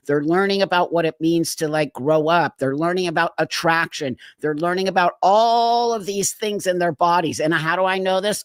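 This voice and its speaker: A man's voice: on the high side, dry recording, studio quality. A middle-aged man hosting a live stream, talking earnestly and emphatically, his voice cracking with emotion.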